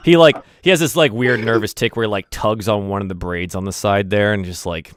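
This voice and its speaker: A man's voice: lowish voice, fairly quick, no room sound, clean studio sound. A man narrating as game master, rambling with many fillers and restarts.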